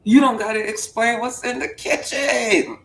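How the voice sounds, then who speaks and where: A woman giving a playful sermon-style riff on a voice call, preachy and repetitive, bursting into high whoops. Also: unhurried. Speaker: show participant preaching to the group. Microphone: voice chat mic. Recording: roomy, distant voice chat audio, faint hum.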